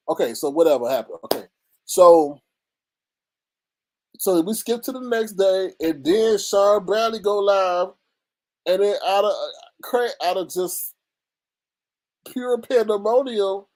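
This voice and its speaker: This livestreamer speaks in a high register, unhurried and with long pauses, as he dishes casual gossip. He reads from the chat, reacting in an animated, dramatic way, and laughs a lot.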